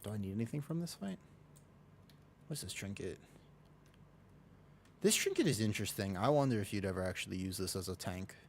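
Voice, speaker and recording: A man with a low voice chats casually on a game stream. He rambles and mocks himself, often restarting his sentences and breaking into laughs. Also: animated, brisk, creaky, pauses often, slight background noise. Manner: rambling, self-mocking, many restarts and laughs. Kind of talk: casual live-stream chat while gaming.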